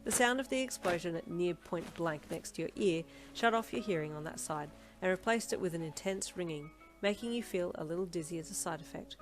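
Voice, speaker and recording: A woman narrating a fan fiction story in an expressive second-person reading. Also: fairly low pitch, fairly quick, hardly any pauses, faint music behind. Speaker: audiobook narrator.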